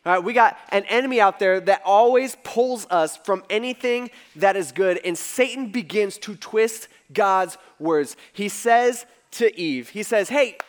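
A male pastor preaching a conversational sermon, animated and swinging between soft and loud. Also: high voice, measured pace, few pauses.

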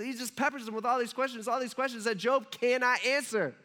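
Man, preacher, conversational sermon, high pitch, bright tone. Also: fairly even intonation, fairly quick, few pauses. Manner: conversational storytelling with rhetorical asides. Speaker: pastor.

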